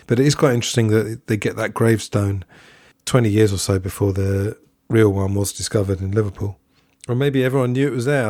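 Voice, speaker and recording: A man's voice: fairly low pitch, a little mellow, no room sound, studio quality. Musing man reviewing a film. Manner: musing and digressive, with asides and self-corrections. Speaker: podcast host. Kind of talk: solo film review commentary.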